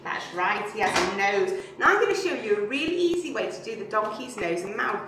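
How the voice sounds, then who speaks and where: A woman's voice: medium pitch, very animated, fairly quick, background noise. A woman showing young children how to make a paper donkey craft, chatty and playful, asking them questions as she works. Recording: very echoey and distant.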